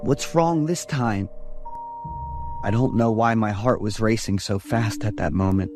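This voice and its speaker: A man with a low voice tells a horror story in steady, even first-person narration. The delivery stays measured from one line to the next, as in a bedtime scary story. A faint music bed sits underneath.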